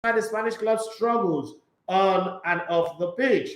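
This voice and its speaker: Man, high-pitched, sports talk host, animated, mocking, echoey room. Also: unhurried. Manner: animated and mocking, swings from reading headlines to loud rants. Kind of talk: solo sports talk, reading transfer news with commentary.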